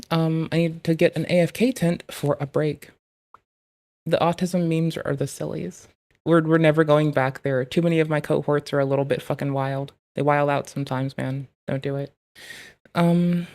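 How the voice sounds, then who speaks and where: A woman's voice: sits low, steady tone, normal speed, darkish tone. A woman streamer chatting casually, rambling and swearing with self-mocking humor while reading old newspaper ads aloud.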